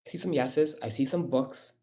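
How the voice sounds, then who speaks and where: A middle-aged man speaks through a computer mic on a webinar, at a medium pitch. He talks in a loose, conversational way, pressing hard on key points and tossing in "right?" to check in with listeners. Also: moderate pace, dark tone. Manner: conversational, emphatic, repeating rhetorical questions. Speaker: physician giving a webinar. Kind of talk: webinar talk.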